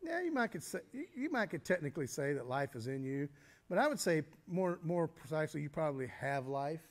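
A man preaching a teaching sermon, explaining step by step and often pausing with fillers and restarts. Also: a little high, very animated. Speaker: pastor.

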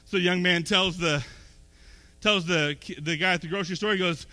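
A man's voice: high-pitched, brisk, sharp tone. A man preaching a sermon as pastor, talking conversationally and then building up to emphatic peaks. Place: church sanctuary. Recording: long hall reverb.

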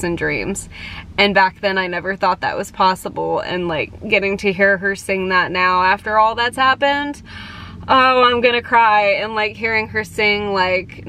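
A woman in her twenties chatting casually to her vlog audience at home, gushing and excitable, with lots of "like" and "um". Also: medium pitch. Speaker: vlogger. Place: at home, indoors.

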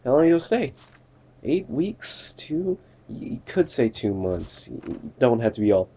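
A young man chats through a video game as a border inspector, joking with the characters and swearing now and then. His voice is mellow and relaxed, and he talks at a slow, easy pace. A faint hiss of background noise sits under the recording. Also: medium pitch. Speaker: gamer doing a let's play. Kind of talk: casual game commentary, playing a border inspector.

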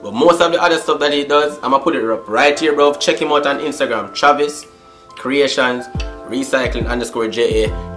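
Young male vlogger, energetic slang and catchphrases, mid pitch, light music bed. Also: moderate pace. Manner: hyped slangy chatter with repeated catchphrases; swears freely. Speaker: YouTube vlogger. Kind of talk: casual vlog unboxing.

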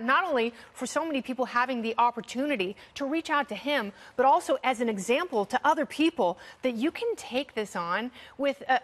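A woman's voice: on the high side, a bit bright, big-room sound. A woman on a talk show panel, speaking earnestly and reflectively.

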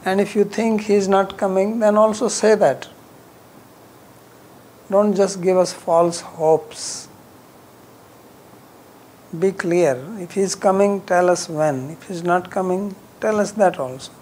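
A man teaching scripture, reciting verses in Sanskrit before explaining them in plain, measured English. His phrases often trail off softly, and he restarts sentences as he works through an idea. A faint, steady noise sits under the recording. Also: high voice, low-quality recording. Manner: drops softer at phrase ends, with frequent restarts.

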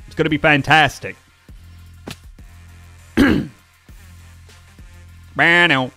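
A young man live-streaming a game, chatting excitedly and thanking viewers as he plays. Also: fairly high pitch, extremely slow, dry recording, soft background music. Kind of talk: casual live-stream chat while gaming.

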